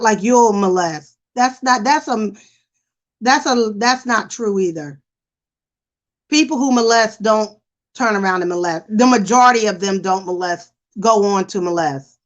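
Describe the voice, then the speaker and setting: A woman hosting a casual live stream, chatting and reacting in an animated, talkative way. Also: fairly high pitch. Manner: chatty, animated, imitates voices for effect. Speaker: host.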